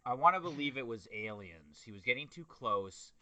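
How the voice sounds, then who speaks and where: Animated man joking between reads. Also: medium pitch, moderate pace. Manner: laughing, animated interjections. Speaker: co-host.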